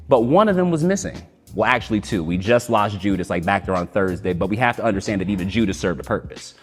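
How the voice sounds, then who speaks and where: A man preaches in a dramatic spoken-word style, his pitch leaping up and down with real life. He drops to a hush, then rises again, and stretches out his words for weight. His voice carries a long hall reverb over faint music. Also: expressive, breathy edge. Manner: dramatic, swings from quiet to loud, slows for emphasis.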